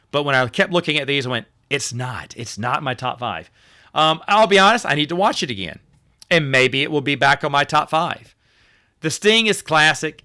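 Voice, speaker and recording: Bright-voiced man rambling about movies. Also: on the high side, clean tone. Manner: rambling, repeats himself, acts out quoted lines. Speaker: host ranking movies. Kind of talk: casual solo movie talk.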